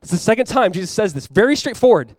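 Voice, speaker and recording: A young adult man preaching a sermon as pastor, animated and acting out playful voices for the disciples. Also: high-pitched, quick pace, no room sound.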